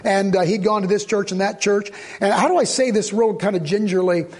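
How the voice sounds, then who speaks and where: A man preaching a sermon as the pastor, swinging from loud exhortation to low, earnest asides. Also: steady tone, brisk.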